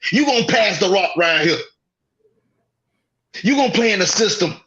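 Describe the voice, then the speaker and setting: A man's voice: very high voice, fairly bright tone, dull audio. A man co-hosting a sports talk show, ranting in an exasperated, profane way. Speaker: podcast co-host. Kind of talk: heated sports rant.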